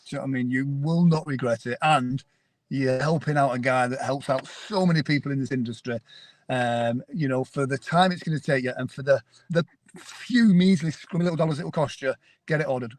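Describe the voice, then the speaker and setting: A man's voice: mid-range voice, normal speed, a little hiss or hum. A British man joining a video call from his parked car as a guest, talking with gushing enthusiasm. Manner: enthusiastic and effusive. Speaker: guest, author of the foreword. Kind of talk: casual video call chat.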